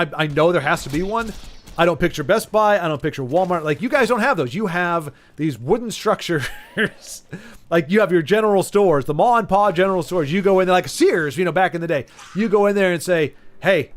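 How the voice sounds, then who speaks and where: A man's voice: sits high, animated, fairly quick. A man chatting casually with viewers while streaming a game, rambling and stumbling over his words. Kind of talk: casual live-stream chat while gaming.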